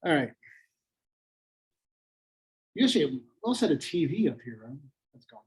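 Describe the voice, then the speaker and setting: A man's voice: fairly high pitch, big pitch swings, moderate pace, rough recording. A man teaching a class in a classroom, talking casually with many fillers and self-deprecating asides.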